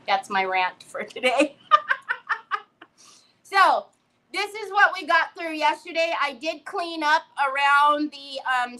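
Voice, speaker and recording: A middle-aged woman hosting a crafting livestream, telling a story with animated energy and greeting viewers by name. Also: high-pitched, poor audio.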